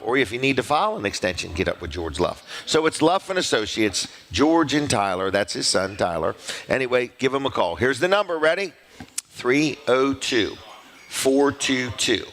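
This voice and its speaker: A middle-aged man hosting a local show, chatting through folksy, rambling ad reads and slowly repeating phone numbers. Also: mid-range voice, a bit bright. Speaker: show host.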